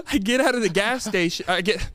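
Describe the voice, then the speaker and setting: A podcast host with a voice that sits high speaks at a moderate pace with no echo. He tells a story in casual chat and gets animated, acting out the quotes in a raised voice.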